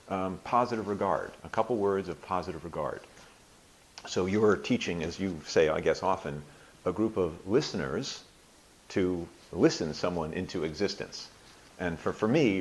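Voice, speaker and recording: On a rough recording, a low-voiced interview guest in his sixties, a former workshop participant, considers each question carefully, stopping and restarting. Now and then he voices his own inner thoughts with playful emphasis.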